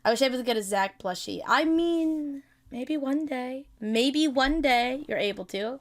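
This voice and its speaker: A woman streaming live in casual chat, excitable and laughing often, with bursts of mock-outraged swearing. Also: sits high, normal speed. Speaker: streamer hosting a chat with creators.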